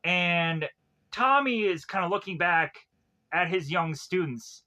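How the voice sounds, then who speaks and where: A man's voice: high-pitched, expressive, takes it slowly, sharp tone. A young man casually recapping TV episodes, rambling with many fillers and frequent chuckles. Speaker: TV show reviewer.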